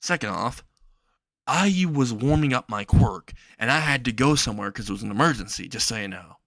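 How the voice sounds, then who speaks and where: A snarky, foul-mouthed teenage boy who hides a monster nature, voiced in a fan-made spoken story, as a man reads him out. He talks casually and hurls crude insults in a plain, mid-pitched voice. The recording sounds dry and close. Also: expressive, a little fast, fairly bright tone, no echo. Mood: insulting.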